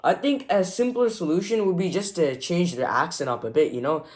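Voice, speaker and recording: A man's voice: high-pitched, brisk. A young man hosting a reaction video, mocking and exasperated, full of "like" fillers. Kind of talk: sarcastic reaction commentary.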